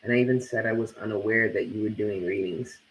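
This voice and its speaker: Dude doing a tarot livestream, swears a lot, reads comments out, kinda echoey room. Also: male voice, on the low side, fast, a little hiss or hum. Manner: casual, blunt and profane, lots of "like". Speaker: tarot reader hosting a live stream. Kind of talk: live stream, chatting and reading viewer comments aloud.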